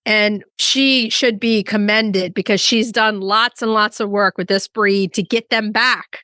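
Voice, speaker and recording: A woman co-hosting a podcast in casual chat, playful and quick to joke. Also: mid-range voice, fairly even intonation, pushed and bright, no room sound, clean studio sound. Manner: playful, jokey, laughs often. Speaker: podcast co-host.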